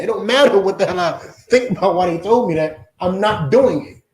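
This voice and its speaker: A man preaching a confrontational lesson to his group, blunt and forceful, again and again asking whether his listeners understand. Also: sits high, fairly quick, reverberant, low-quality recording. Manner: blunt, forceful, repetitive questioning. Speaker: Hebrew Israelite teacher.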